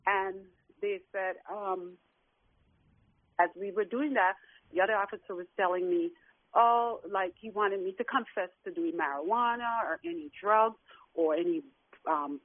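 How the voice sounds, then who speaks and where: A woman's voice: medium pitch, normal speed. Middle-aged woman on a tinny phone line. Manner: earnest, emotional storytelling. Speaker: guest caller. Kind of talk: personal account on a talk show.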